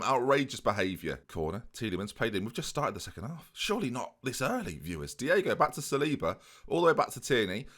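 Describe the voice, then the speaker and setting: A man's voice: medium pitch, very animated, fairly quick, fairly bright tone. A young man giving playful mock-commentary over a video game, often addressing his viewers. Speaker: gaming YouTuber.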